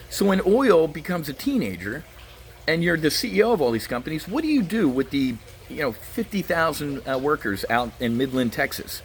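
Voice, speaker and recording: A man's voice: mid-range voice, fairly bright tone, slight background noise. A man giving blunt, sarcastic solo market commentary, ranting with frequent restarts.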